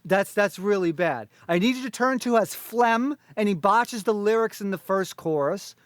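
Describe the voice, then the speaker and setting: Fast, foul-mouthed high-voiced man. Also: animated, no echo. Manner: rapid, blunt, swears constantly. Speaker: panelist ranking concert recordings. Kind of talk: profane critical rant.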